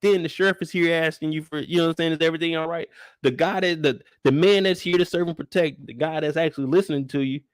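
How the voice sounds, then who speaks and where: Young male host, high-pitched, animated and profane, reacting in disbelief. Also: fast talker, hardly any pauses, no echo. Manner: animated, incredulous, profane commentary. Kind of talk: live after-show recap.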